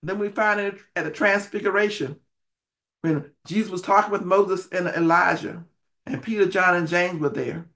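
A male preacher giving a sermon, emphatic, repeating key phrases and swinging between loud bursts and hushed lines, with folksy grammar. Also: high voice.

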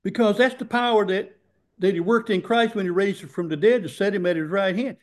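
A man preaching a sermon, getting excited and repeating scripture lines for emphasis. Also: sits high, a little fast.

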